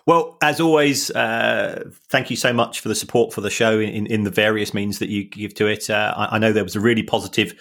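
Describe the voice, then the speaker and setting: A man's voice: fairly low pitch, fairly even intonation, a little fast, vocal fry, hardly any pauses, a bit bright. A man co-hosting a podcast in casual chat, hesitant and often repeating his words. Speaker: podcast co-host.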